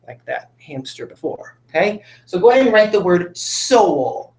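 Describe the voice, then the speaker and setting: A man's voice: fairly high pitch, animated, measured pace, hardly any pauses, roomy sound. A male teacher giving a patient phonics lesson to children, coaxing them along with tag questions.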